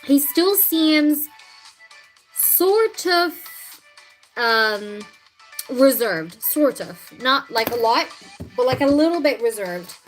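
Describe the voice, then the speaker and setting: A woman hosting a casual live tarot reading, chatting with viewers and often clearing her throat. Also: high voice, lively intonation, slow pace, pauses often, faint music behind, poor audio.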